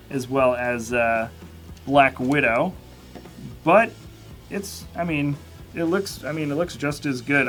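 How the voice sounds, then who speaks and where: A man's voice: medium pitch, fairly bright tone. A man hosting a live building stream, chatting casually and rambling as he corrects himself. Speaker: livestream host. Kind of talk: casual live unboxing chat.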